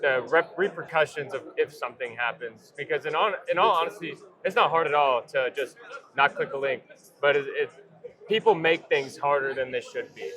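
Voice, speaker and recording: Male founder guest, easygoing and rambling, fairly high voice, trade-show chatter behind. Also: normal speed. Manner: relaxed, rambling, with many fillers and restarts. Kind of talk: casual trade-show interview. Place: busy convention floor.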